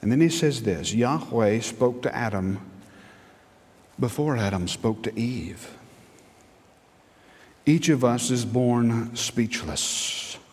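Pastor, middle-aged man, emphatic sermon with rhetorical questions, mid pitch, long hall reverb. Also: slow, pauses often, darkish tone. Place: church sanctuary.

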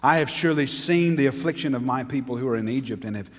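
A man preaching a sermon as pastor, with dramatic pauses, sudden swings in volume and emphatic peaks, speaking straight to his congregation. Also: medium pitch. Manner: speaks directly to the congregation, asking them to repeat words. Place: church sanctuary. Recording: long reverb from a large hall.

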